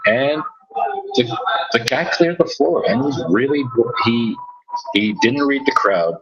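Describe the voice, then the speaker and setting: A man with a mid-range, expressive voice talks at a slow pace on dull audio. He's a DJ and podcast host telling a story in casual chat, rambling, stammering, and restarting his sentences often.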